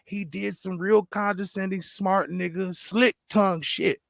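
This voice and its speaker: A young man co-hosting a podcast, talking in a casual, profane way and swinging between loud bursts and low mutters. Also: normal speed, creaky, few pauses, no room sound, clean studio sound. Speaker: podcast co-host.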